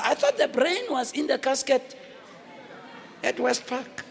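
A man with a South African accent preaching a sermon, shouting and dramatic, switching between languages. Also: very high-pitched, very animated, unhurried, vocal fry, pauses often. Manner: fiery, shouting, code-switching, theatrical. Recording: reverberant hall with faint noise.

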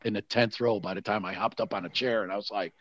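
A man's voice: lowish voice, fast, no room sound, muffled recording. A middle-aged man, telling a story casually and acting out the voices of his friends. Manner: animated, acts out quotes with swearing. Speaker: guest storyteller.

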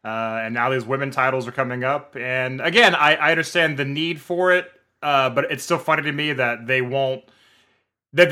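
A man's voice: mid-range voice, bright, forceful tone. An American man hosting a podcast, chatting casually and joking with laughs. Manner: laughing, jokey. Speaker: podcast host. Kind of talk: casual chat.

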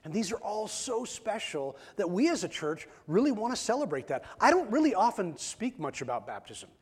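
A male pastor with a fairly high voice preaches to his congregation in a loose, conversational way. He often stumbles over and repeats his first words before getting a sentence going. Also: sing-song, moderate pace, breathy edge. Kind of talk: sermon. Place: church.

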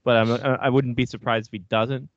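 A man's voice: medium pitch, level tone, fairly quick, no room sound, dull audio. A man with a cold and a stuffy nose, chatting bluntly and swearing on a hockey podcast. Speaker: podcast co-host. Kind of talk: casual hockey chat.

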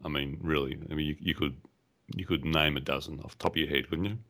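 A very deep-voiced man joins a podcast from a remote call line, talking in a relaxed, playful and teasing way. Keyboard typing can be heard in the background. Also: fast. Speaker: podcast co-host. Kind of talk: casual chat.

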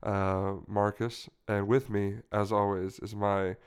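A man's voice: lowish voice, little pitch movement, slow pace, clear, resonant tone. A young man hosting a podcast in casual, joking chat, rambling and playful. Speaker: podcast host.

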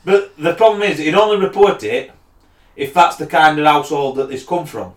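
A man rants in a blunt, heated way and swears freely as he talks. His voice sits a bit high for a man. The room around him is echoey and reflective. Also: normal speed. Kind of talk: ranting casual chat.

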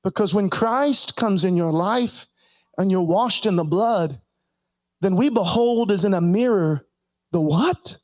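A man preaching a sermon, calling on the congregation to answer and building up to impassioned shouting. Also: high-pitched, unhurried, no echo. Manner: calls for congregation responses.

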